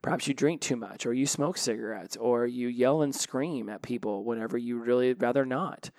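A man's voice: medium pitch, normal speed, darkish tone, dry recording. Man coaching in dry podcast talk. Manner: conversational, repeats and restarts words. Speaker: podcast host and habit coach. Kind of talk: casual solo podcast talk.

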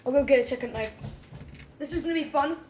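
A young woman co-hosts a podcast in relaxed, casual chat. Her voice sits high, and she talks in a giggly, chatty way, quick to sound grossed out. A faint hum of noise runs behind her. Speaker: podcast co-host.

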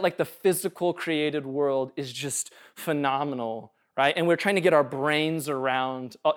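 A male pastor preaching a casual, conversational sermon, joking and often checking in with the room. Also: a little high. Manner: casual, conversational, jokey, asks "right?" often.

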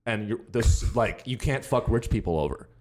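Lively-voiced man explaining casually. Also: fairly low pitch, normal speed. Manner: explains with many fillers and restarts. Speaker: podcast co-host. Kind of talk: casual comedic chat.

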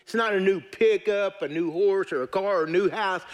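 A man's voice: high voice, moderate pace. A man preaching a sermon in church, folksy and joking but earnest. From United States. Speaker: pastor.

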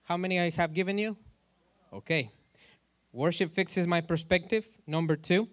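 A man's voice: sits high, moderate pace, a bit bright, no echo. A male pastor preaching in a church in a loose, joking way, asking the congregation questions as he goes. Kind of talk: sermon.

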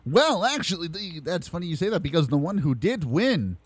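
A man hosting a casual chat show, his voice rising and falling a lot as he jokes, swears and laughs. He slows right down when he reads out the winners. The sound is close and dry, with almost no room. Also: on the high side, breathy edge, no room sound. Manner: animated, swears, laughs often, slows to announce results. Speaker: podcast host. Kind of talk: casual chat, reading award results.

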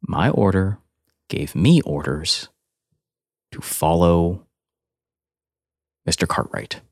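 A man playing an earnest paladin who serves a god of light, speaking in his own calm voice. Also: sits low, slow pace, creaky, dry recording, clean studio sound, exaggerated voice.

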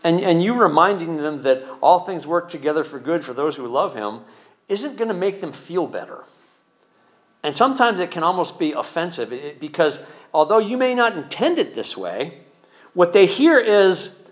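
A man delivering a sermon as a pastor, his voice sitting a touch high. He talks in a plain conversational way, stumbling over repeated words now and then, and lifts his voice for emphasis on key points. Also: very animated, moderate pace. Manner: conversational preaching with restarts and emphatic rises.

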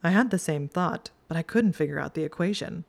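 A snide, proud young wizard with a dry drawl, voiced by a woman reading a storybook aloud. His tone stays low and cool, barely set apart from the reader's own. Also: brisk, vocal fry.

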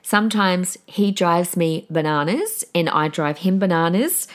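A woman's voice: fairly low pitch, animated, a little slow, hardly any pauses. Chatty, emotional woman podcast host. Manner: chatty and emotional, tears up easily. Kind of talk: casual solo podcast talk.

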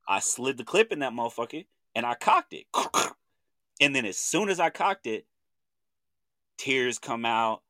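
A man in his thirties from Oklahoma with an Oklahoma accent, co-hosting a podcast and telling a story in animated casual chat, acting out what people said in slangy talk. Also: mid-range voice, no echo. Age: 30s. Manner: animated storytelling with slang, acts out quoted voices. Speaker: podcast co-host.

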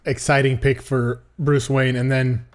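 A man's voice: mid-range voice, flat delivery, unhurried. A man co-hosting a casual film podcast, joking and argumentative, with some swearing. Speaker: podcast co-host.

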